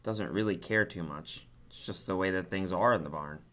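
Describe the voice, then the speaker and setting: A male teacher reading a children's book aloud to his class with expressive storytelling. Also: sits low, moderate pace.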